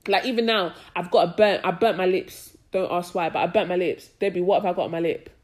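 A young woman talks casually on a podcast. She keeps checking that you follow her, and she gets loud and animated whenever a story riles her. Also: on the low side, fast talker. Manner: chatty, frequent "do you know what I mean", gets loud and animated when ranting. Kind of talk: casual chat.

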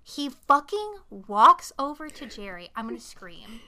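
A young woman hosts a casual podcast, retelling a film scene by scene with animated, profane energy. Her voice is bright and sits a little high. She throws in acted-out bits of dialogue as she goes. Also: a little slow. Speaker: podcast co-host. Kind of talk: casual movie recap chat.

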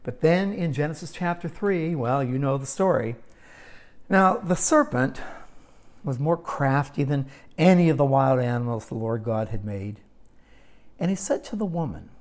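A woman teaching a Bible lesson in sermon style, storytelling with dramatic pauses and wry asides. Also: a bass voice, lively intonation, darkish tone.

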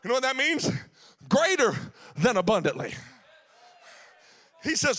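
A man preaching a sermon, rising into shouted, sing-song preaching. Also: very high voice, very animated, unhurried, pauses often. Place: church sanctuary.

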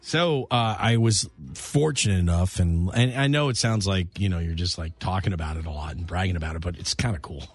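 A man's voice: low-pitched, brisk, few pauses, husky, no room sound, faint music behind. A man co-hosting a radio show, telling a story in casual banter, rambling and self-deprecating with lots of fillers.

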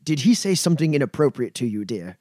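A man's voice: mid-range voice, sing-song, dark tone, no echo, studio quality. A man voicing a stern, silver-haired older mayor who talks brusquely and snaps orders at his staff. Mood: brisk. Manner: brisk, commanding, snaps orders.

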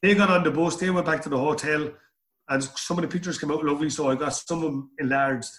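A man's voice: on the high side, fairly even intonation, quick pace, a bit bright. Irish man telling a rambling anecdote. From Ireland. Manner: rambling anecdotal storyteller, repeats words. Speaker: guest. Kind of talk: storytelling interview.

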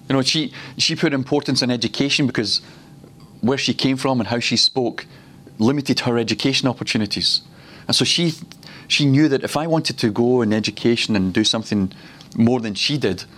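A man's voice: mid-range voice, a bit bright. Man from Glasgow preaching a teaching sermon. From Glasgow, Scotland. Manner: storytelling, slows down and repeats words for emphasis. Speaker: preacher teaching a ministry school session.

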